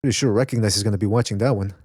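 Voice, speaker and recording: A man's voice: on the low side, fairly even intonation, racing, darkish tone, dry recording, studio quality. Rambling, profane male podcast host. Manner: rambling, profane, reads chat aloud. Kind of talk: casual live-stream chat.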